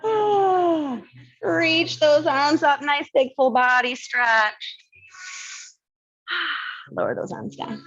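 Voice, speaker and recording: A woman's voice: high-pitched, slow pace, long pauses, a bit bright, muffled recording. Chatty woman coaching a barre class. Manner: chatty, laughs often, counts reps; mild lisp from new aligners. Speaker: barre fitness instructor. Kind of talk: live fitness class instruction.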